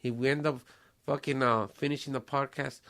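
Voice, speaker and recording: A man's voice: mid-range voice, fairly even intonation, brisk, fairly bright tone. Streetwise man, casual podcast chat. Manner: streetwise slang mixing in Spanish phrases, swearing freely. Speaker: podcast host.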